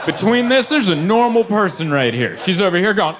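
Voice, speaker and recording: A man performing a stand-up comedy set on a club stage, telling stories animatedly and putting on high voices for his wife. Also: expressive, brisk, few pauses. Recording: live club recording with crowd noise.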